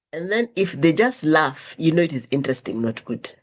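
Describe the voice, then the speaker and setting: Animated woman telling stories. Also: deep voice, normal speed, hardly any pauses. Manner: animated, acts out quoted dialogue with shifting intonation. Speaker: podcast host. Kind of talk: conversational storytelling monologue.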